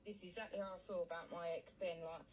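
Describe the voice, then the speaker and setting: A woman in casual chat, quickly chiming in with her own experience. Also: on the low side, steady tone. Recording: distant mic, loud background noise.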